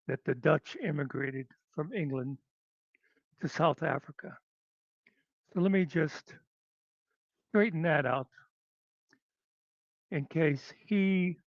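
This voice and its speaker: A man hosting his own show, talking in a sardonic, rambling way with trailing pauses. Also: on the high side, no echo. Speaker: host. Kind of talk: rambling solo commentary. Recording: dull lo-fi dry recording.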